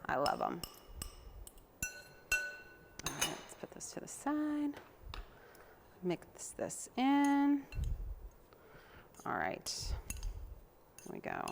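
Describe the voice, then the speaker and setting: A woman's voice: sits high, huge pitch swings, extremely slow, gravelly, pauses often, a little hiss or hum. Chatty woman hosting a cooking show. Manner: chatty and homey, talks while chopping. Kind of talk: casual cooking demonstration.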